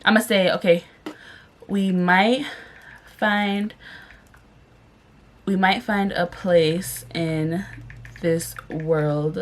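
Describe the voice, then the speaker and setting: Slow-talking giggly young woman vlogger. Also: on the low side, a little hiss or hum. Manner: giggly, reads lyrics out slowly. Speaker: YouTuber pranking her boyfriend by text. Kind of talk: casual vlog narration.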